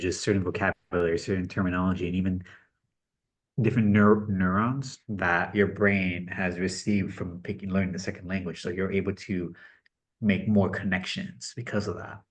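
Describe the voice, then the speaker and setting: A man's voice: low-pitched, steady tone, a little fast. A man co-hosting a casual podcast, talking in an easygoing, agreeable and jokey way. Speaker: podcast co-host. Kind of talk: casual chat.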